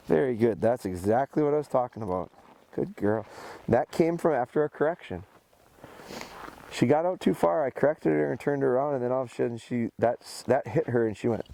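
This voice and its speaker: A man's voice: mid-range voice, a little fast, creaky, dark tone. A male dog trainer giving casual, step-by-step instruction outdoors, breaking off often to praise and call his dog. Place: outdoors by a rural road.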